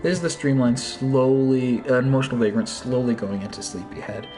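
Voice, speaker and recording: A man's voice: mid-range voice, fairly quick, a little mellow, soft background music. A man casually explaining an album's story in a rambling, self-interrupting way, with mild slang. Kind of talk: casual commentary.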